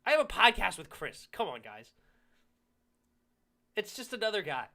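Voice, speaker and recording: A man hosting a casual sports talk show, animated and reacting to a rival's clip. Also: sits high, moderate pace, gravelly. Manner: animated, swings from heated to sheepish. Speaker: sports talk channel host.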